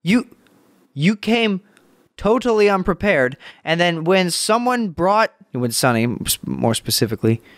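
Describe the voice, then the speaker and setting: A man commenting on a TV clip at home, sarcastic and profane, jumping into high mocking voices. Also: very animated, measured pace, dry recording, clean studio sound. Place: home room. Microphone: home mic being tested.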